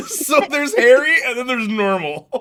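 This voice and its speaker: A man chatting casually as co-host, laughing often and cheering his partner on. His voice is bright and swings widely in pitch, and he speaks at an unhurried pace. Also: expressive, a little hiss or hum. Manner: laughs often, eggs the storyteller on. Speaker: co-host reading live chat. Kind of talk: casual chat.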